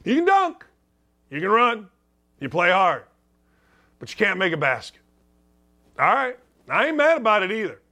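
A middle-aged man hosting a sports talk show, ranting in an animated, wisecracking monologue and repeating his points for emphasis. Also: high-pitched, moderate pace, long pauses.

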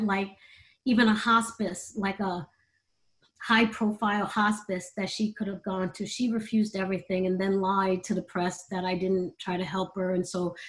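A middle-aged woman guest in an interview, telling personal stories in an earnest, emotional way and laughing easily. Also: mid-range voice. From United States. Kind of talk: candid interview storytelling.

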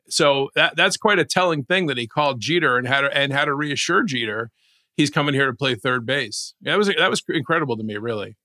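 A man with a bright, forward voice in casual sports talk. He rambles and restarts with animated asides. The sound is close and dry. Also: mid-range voice, brisk, dry recording. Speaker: podcast co-host.

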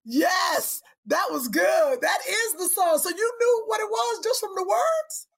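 Field: high-pitched, animated woman co-host. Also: a little slow, gravelly. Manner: animated, exclamatory, breaks off to call out to her child. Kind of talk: casual chat.

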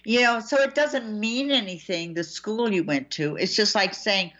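A woman hosting a casual talk show, chatty and animated, laughing often between points. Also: mid-range voice, normal speed. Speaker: host. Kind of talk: casual chat. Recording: dull lo-fi sound.

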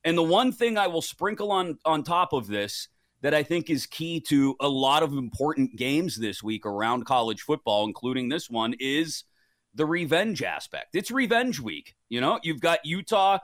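Animated joking sports-betting man. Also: a little high, normal speed, dry recording, clean studio sound. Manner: animated, self-deprecating, jokey. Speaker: guest sports betting analyst. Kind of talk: casual sports betting chat.

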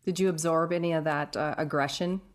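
A woman's voice: deep voice, fairly even intonation, fairly quick. A woman hosting a casual interview, asking questions in a friendly, chatty way. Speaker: interview host.

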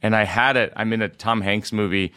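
Man, comedian guest on a podcast, lowish voice, storyteller who stops and restarts, dry close recording. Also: fairly even intonation, bright, forceful tone, clear, resonant tone, dry recording. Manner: rambling, halting, self-correcting storyteller. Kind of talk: casual storytelling conversation.

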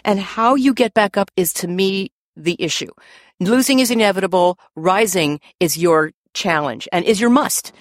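A woman guest on a podcast, a lawyer and author, telling stories in lively, casual chat, laughing often and swearing freely. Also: mid-range voice, moderate pace, no echo, studio quality.

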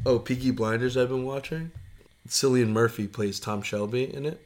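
A man's voice: medium pitch, normal speed. This is a man chatting casually as a podcast co-host while under the weather, his voice wearing thin. His talk rambles along, salted with swearing and frequent laughter. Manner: rambling, profane, laughs often. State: unwell, voice giving out.

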